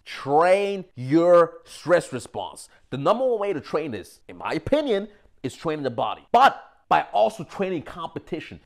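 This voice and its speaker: Brash, profane man with a lively voice. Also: fairly high pitch, creaky. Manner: brash, profane, swings into mocking put-on voices. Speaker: motivational speaker. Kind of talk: casual motivational rant.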